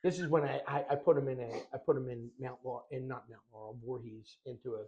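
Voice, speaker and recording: A man's voice: medium pitch, fast talker, highs cut off, slight background noise. A middle-aged man telling a story in casual podcast chat, acting out voices and often laughing. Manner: animated storyteller who breaks into laughter, acts out voices. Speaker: podcast co-host.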